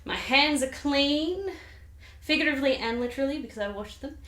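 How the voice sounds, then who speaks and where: A woman's voice: high voice, a little fast, fairly bright tone, pitched above the performer's own voice. A woman voicing a blustering, guilty male king, talking in a flustered, over-explaining, mock-casual way. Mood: smug. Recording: roomy echo.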